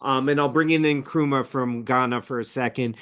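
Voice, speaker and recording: A man's voice: mid-range voice, fairly even intonation, normal speed, fairly bright tone. A man hosting an interview who teaches students, asking brief prompting questions.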